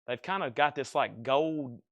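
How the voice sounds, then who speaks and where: This livestream record seller has a medium-pitched, fairly bright voice and talks a little slowly. He goes over prices and conditions and thanks buyers in a casual, friendly way, with no room sound in the recording.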